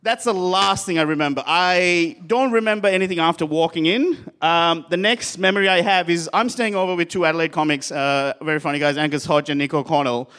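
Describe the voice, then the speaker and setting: A man's voice: a little high, fairly quick, few pauses, fairly bright tone, smooth. A man from Sri Lanka telling a rambling, self-mocking story to a laughing live crowd in a bar. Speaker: comedian.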